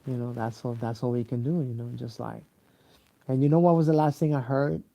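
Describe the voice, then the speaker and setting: Sleepy, gravelly man. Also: mid-range voice, fairly even intonation, muffled recording, a little hiss or hum. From Mexico. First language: Spanish. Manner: halting, many fillers and restarts, profane. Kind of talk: rambling casual monologue.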